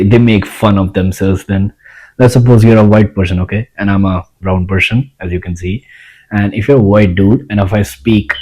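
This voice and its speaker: A man's voice: on the low side, darkish tone, poor audio. A man giving casual self-help advice in a blunt, rambling way, swearing freely. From India.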